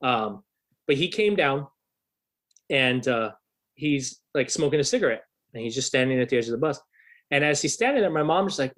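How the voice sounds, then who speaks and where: A man in his thirties, a musician guest on a podcast, telling a story in a casual, swearing, animated way. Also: a little high, a little fast. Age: 30s. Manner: swears freely, animated retelling.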